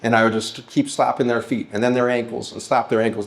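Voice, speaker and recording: A middle-aged man speaking to a live audience at a festival, telling stories and slowing down to act out heartfelt pleas. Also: medium pitch, level tone. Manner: storytelling, slows and lifts his voice to act out pleas.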